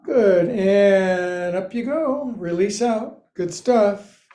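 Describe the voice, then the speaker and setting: Male yoga teacher, high mellow voice, jokey, slow cueing, echoey room. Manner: playful, jokey cueing with counting. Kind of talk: livestreamed yoga class instruction.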